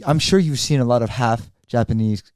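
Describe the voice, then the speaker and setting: A man's voice: medium pitch, fairly quick, darkish tone, dry recording, clean studio sound. A man hosting a podcast, asking loose, slangy questions full of "like.". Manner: laid-back, slangy, filler-heavy questions. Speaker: podcast host. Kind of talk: casual interview.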